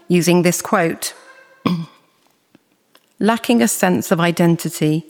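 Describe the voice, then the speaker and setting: A preacher giving a sermon in a measured, earnest way, reading scripture slowly and deliberately. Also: mid-range voice, in a large hall.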